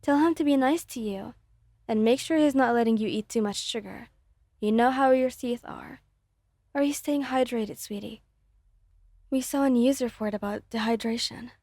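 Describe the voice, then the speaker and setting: A woman voicing a loving, worried middle-aged mother in a soft, hushed, fussing whispered role-play. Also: fairly high pitch, moderate pace, no echo, studio quality.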